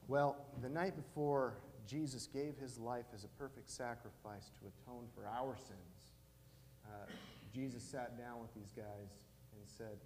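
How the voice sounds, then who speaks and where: Pastor man, mellow voice, church reverb. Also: medium pitch, measured pace, a little hiss or hum. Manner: conversational, acts out dialogue with many fillers. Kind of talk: sermon storytelling. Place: church sanctuary. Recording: long church reverb, faint ambience.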